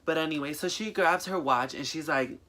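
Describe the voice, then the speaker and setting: A young man telling a story in a casual, profane and animated way, ranting as he goes. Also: on the high side, brisk, noisy background. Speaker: vlogger.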